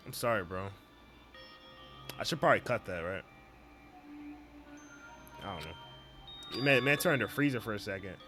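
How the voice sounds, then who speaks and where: A young man casually playing and reading a game aloud, rushed, with slangy, profane talk. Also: on the low side, lively intonation. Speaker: gaming channel host. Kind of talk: let's play reading game dialogue aloud. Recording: game music under the voice.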